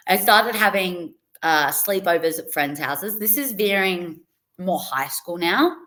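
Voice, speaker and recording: Young woman guest, low voice, loose chatty storytelling with laughs. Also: fairly bright tone. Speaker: podcast guest. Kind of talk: casual interview chat.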